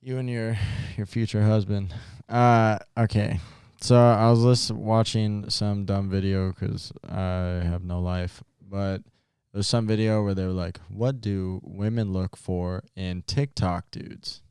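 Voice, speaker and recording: A man's voice: fairly low pitch, steady tone, a little slow, darkish tone, clean tone, no echo, studio quality. A man in his twenties co-hosting a podcast, cracking crude jokes and teasing his friend in casual banter. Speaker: podcast co-host.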